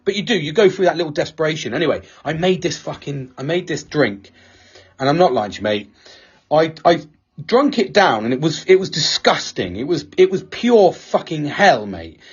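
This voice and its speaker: British podcast co-host, husky and a bit high, swears freely, chatty storyteller, lo-fi sound. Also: male voice, big pitch swings, normal speed. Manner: sweary, laughs a lot, storytelling. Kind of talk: casual banter.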